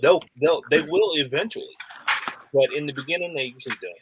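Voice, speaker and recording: A man in casual podcast chat, giving calm, reasoned advice. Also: a little high, fairly quick. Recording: noisy background.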